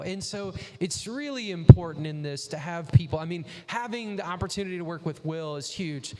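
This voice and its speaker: High-voiced host giving advice, reverberant. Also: male voice, lively intonation, fairly quick, few pauses, very noisy. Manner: advisory, acts out quoted dialogue. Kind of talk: casual interview chat.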